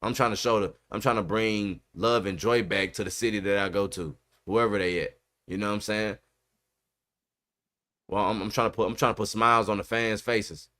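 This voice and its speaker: A smug young quarterback, as a man puts him on, speaks low and hushed with easy self-assurance. The voice drops well below a normal speaking pitch. It sounds quiet and smooth. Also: fairly even intonation, moderate pace. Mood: mocking. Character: mock young male quarterback, smug and soft-spoken.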